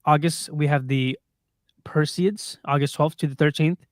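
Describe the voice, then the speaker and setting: Reading down a list of upcoming sky-event dates, a male co-host of a casual livestream podcast laughs frequently. His voice sits a little high, holds a steady tone, and moves at normal speed. The recording is studio quality, without echo.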